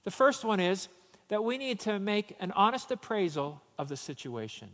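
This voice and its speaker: A man's voice: sits high, big pitch swings, moderate pace, fairly bright tone, in a large hall. A man preaching a sermon, telling a personal story and then urging his listeners with rising emphasis. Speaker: pastor.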